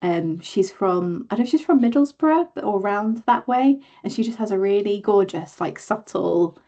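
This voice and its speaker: A woman's voice: mid-range voice, animated, moderate pace, mellow, highs cut off. A woman with a southern English accent, an author chatting casually as a podcast guest, rambling with many fillers and self-corrections. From southern England.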